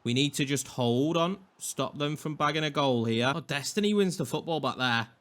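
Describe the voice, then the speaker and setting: A young man with a Yorkshire accent giving casual, excitable commentary over a football video game, chatty and quick to swing between hype and grumbling. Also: a little high. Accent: Northern English (Yorkshire). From England. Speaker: gaming YouTuber.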